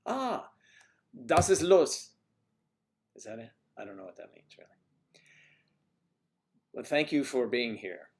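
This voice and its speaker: A man's voice: mid-range voice, moderate pace, pauses often. A man hosting a casual livestream, chatting with viewers and reading their comments, teasing and muttering asides to himself.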